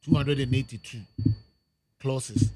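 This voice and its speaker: A man's voice: medium pitch, steady tone, measured pace, mellow. Man on a radio panel, explaining stuff, mid voice, little hum in the back. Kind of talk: radio talk show discussion.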